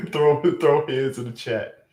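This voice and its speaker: A man's voice: medium pitch, takes it slowly, darkish tone, reverberant. A young man hosting a livestream, chatting casually, incredulous and exclamatory, often repeating himself. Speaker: livestream host.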